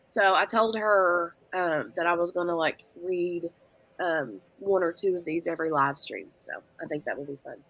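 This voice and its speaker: A woman's voice: fairly low pitch, normal speed, a bit bright, low-quality recording. A woman hosting a craft live stream, chatting in a rambling, giggly way with lots of fillers. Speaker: craft channel host. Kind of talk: casual live stream chat.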